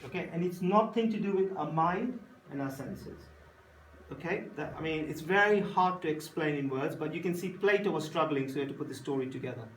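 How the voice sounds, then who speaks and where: Guy lecturing a class, slightly high voice, roomy echo, faint hiss, keeps asking "make sense?". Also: a little fast. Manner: storytelling, acts out voices, checks understanding often. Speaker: teacher. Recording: echoey room from a distance, faint noise.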